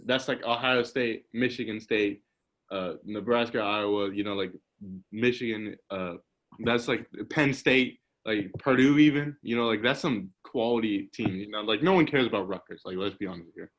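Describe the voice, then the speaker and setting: A man's voice: on the low side, moderate pace, a bit bright. A young man hosting a casual podcast over a video call, telling stories in a rambling way with lots of "like" and laughter. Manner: rambling storyteller, laughs often, says "like" a lot. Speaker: podcast host. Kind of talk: casual chat.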